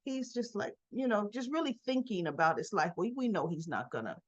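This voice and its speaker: A woman's voice: medium pitch, animated, a little fast, muffled recording. A woman vlogger giving a casual recap of a soap opera episode, telling it as a story and acting out the characters' lines.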